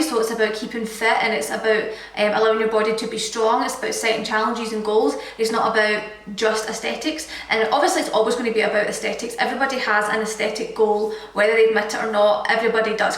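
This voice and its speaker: A woman's voice: a little high, a bit bright, recorded from a distance. A young Scottish woman in her twenties, a fitness vlogger chatting casually through a Q&A with lots of filler words. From Scotland. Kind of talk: casual Q&A chat. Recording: echoey room, voice from the mic.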